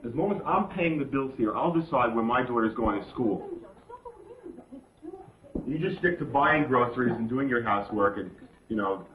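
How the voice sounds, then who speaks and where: A man's voice: mid-range voice, lively intonation, moderate pace, long pauses, natural voice. A man as a domineering father, stern and blunt, roomy, hissy lo-fi film sound. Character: stern controlling father and husband. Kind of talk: 1970s film acting. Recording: far echoey lo-fi film audio with hiss.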